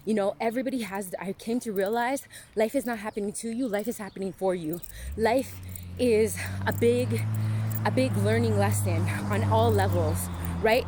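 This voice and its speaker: A woman's voice: on the high side, a little mellow, a little hiss or hum. A woman giving a candid motivational monologue to camera, frank and emphatic, swearing freely and often asking "right?". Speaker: motivational vlogger.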